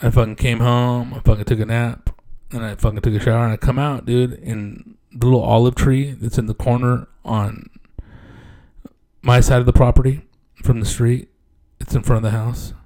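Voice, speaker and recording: A man's voice: medium pitch, level tone, normal speed, warm tone. A man telling a story in a casual, laid-back way, swearing freely and acting out other people's lines. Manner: laid-back and profane, peppered with "dude"; acts out other people's lines in raised voices.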